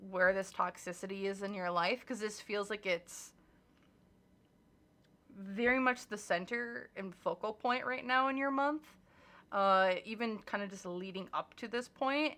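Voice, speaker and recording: A young woman giving a casual monthly tarot reading, blunt and animated, swearing freely and acting out little exchanges as she goes. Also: medium pitch. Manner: animated and emphatic, acts out little dialogues. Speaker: tarot reader.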